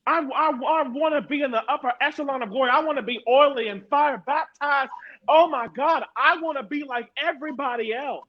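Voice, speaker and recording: A woman from Harrisburg, Pennsylvania, speaks as a panel guest in a strikingly high voice, pressing her points with emphatic repetition. The sound is dull and lo-fi. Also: a little fast. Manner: emphatic, repeats words for stress. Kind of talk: personal testimony in a panel talk.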